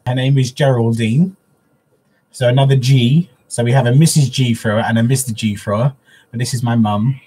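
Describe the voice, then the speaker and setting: Brief: male livestream host, husky tone, soppy and chatty, recorded at home. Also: medium pitch, steady tone, moderate pace, warm tone. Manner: openly emotional, soppy, chatty. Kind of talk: casual live-stream chat. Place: at home, in a living room.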